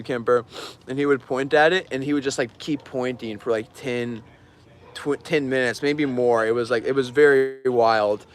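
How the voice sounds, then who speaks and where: An artist streaming an auction tells stories casually, his medium-pitched voice rambling with lots of fillers and frequent laughter. There's slight background noise.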